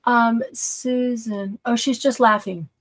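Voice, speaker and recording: A woman's voice: on the high side, fairly even intonation, slow, poor audio. A woman hosting a casual live-stream craft sale, chatting as she shows items and counts stock.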